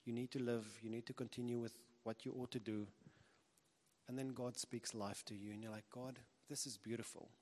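A preacher, male, gives an earnest, conversational sermon, looping back and restarting as he goes. His ordinary-pitched voice is flat, brisk and a bit dark, with a long reverb from a big hall.

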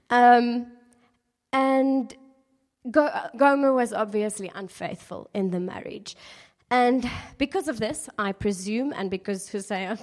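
A woman giving an informal sermon in a chatty, playful way, with many fillers and laughs at her own jokes. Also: a little high. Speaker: speaker at a church gathering.

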